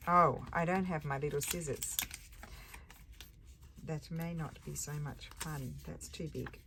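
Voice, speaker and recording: Speaking a little slowly with a low, steady tone, a crafting vlogger narrates her work at the table in a musing, thinking-aloud way and corrects herself as she goes. Clear background noise and crafting clicks are audible.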